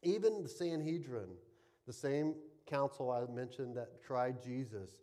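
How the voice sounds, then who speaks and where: A man preaching a sermon as a pastor, reading scripture expressively and then teaching with a relaxed, conversational delivery. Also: medium pitch, a little slow. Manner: expressive reading with emphatic rises and soft, trailing phrase ends.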